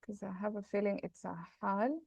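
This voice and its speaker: A woman's voice: medium pitch, moderate pace, vocal fry, a little mellow, no room sound. A woman teaching Arabic grammar in an online class, thinking aloud, correcting herself and checking in with her students.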